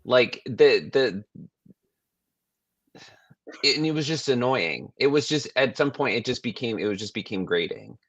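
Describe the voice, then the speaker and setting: A man co-hosting a podcast in casual chat, rambling and animated, often restarting sentences and swearing. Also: mid-range voice, unhurried, pauses often, husky, no echo. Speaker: podcast co-host.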